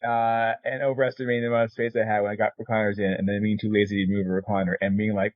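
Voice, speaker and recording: A man talks fast and teases his friends on a casual podcast. His mic sounds muffled and lo-fi. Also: lowish voice, little pitch movement. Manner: quick, teasing. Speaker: podcast co-host.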